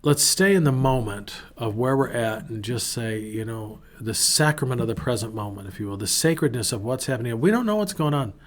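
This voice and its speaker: A man's voice: medium pitch, lively intonation, a little fast, hardly any pauses. A man, a pastor hosting his own show, giving an earnest, conversational devotional talk with many restarts, acting out prayers and quotes. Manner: acts out prayers and quotes in a shifting voice. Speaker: pastor and podcast host.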